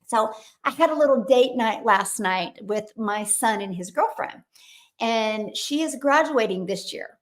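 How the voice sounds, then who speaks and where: An energetic woman in her fifties is hosting a live stream in a casual, chatty way. Her voice sits high, and she keeps it lively as she greets viewers by name and talks straight to them. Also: measured pace. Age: 50s. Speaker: livestream host.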